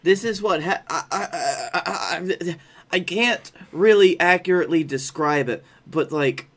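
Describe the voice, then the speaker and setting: Wry man rambling in podcast chat. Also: on the high side. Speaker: podcast co-host. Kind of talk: casual chat.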